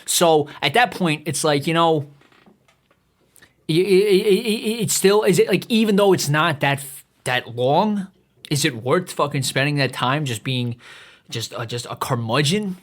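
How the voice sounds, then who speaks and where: A man's voice: on the high side, animated, measured pace. A man around thirty hosting a comedy podcast, ranting in a profane, heated way with stammering restarts. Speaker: podcast host. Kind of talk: profane comedic rant monologue.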